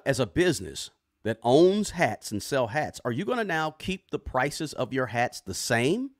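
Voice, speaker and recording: A man's voice: medium pitch, dry recording, studio quality. A man hosting a live finance stream, walking viewers through a chart with a casual, repetitive style and lots of "right?" and "guys". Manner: restarts and repeats words. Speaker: finance YouTuber. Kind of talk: live screen-share explainer.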